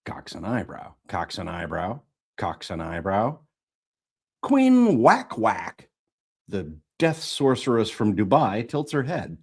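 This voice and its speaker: Slow, animated audiobook narrator. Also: medium pitch, creaky, slightly rough. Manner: retakes lines and repeats phrases; animated, playful voice acting. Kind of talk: live fantasy audiobook reading.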